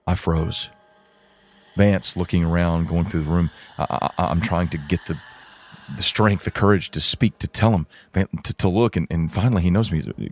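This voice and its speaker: Man, very low voice, first-person spooky story, stumbles and repeats words for suspense. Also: a little mellow. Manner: halting, repeats words while building suspense. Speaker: podcast storyteller.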